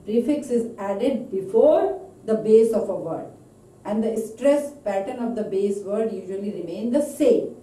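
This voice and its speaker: A woman teaching pronunciation in a recorded online lecture, slowly drilling word lists one by one. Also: fairly high pitch, mellow. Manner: slow, deliberate, drawn-out word drills. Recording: echoey room, voice from far off mic.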